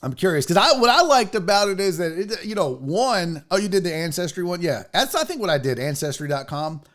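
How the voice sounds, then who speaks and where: A man's voice: high-pitched, animated, brisk, a bit bright. A man hosting a casual live show, rambling profanely and reading viewer comments aloud. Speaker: host.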